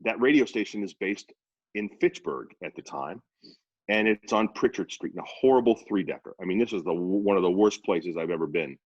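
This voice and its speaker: A man in his fifties with a lowish voice, spinning rambling, animated stories from his radio career. The recording is dry and a little dull, with no room sound around him. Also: fairly quick, husky, no echo. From Worcester, Massachusetts. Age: 50s. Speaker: radio personality guest. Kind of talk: casual storytelling interview.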